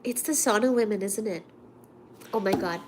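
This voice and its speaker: This is a woman vlogger in casual live chat, sick with a cold and coughing, animatedly and indignantly telling a story and acting out what people said. Her voice is mid-range at a moderate pace, with a little hiss or hum.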